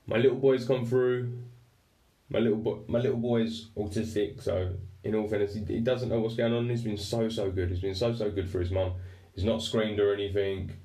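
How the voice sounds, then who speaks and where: A man's voice: fairly low pitch, fairly even intonation, moderate pace, warm tone. A man with an English accent telling a personal story candidly, swearing freely and speaking with raw emotion. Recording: roomy echo, distant from mic.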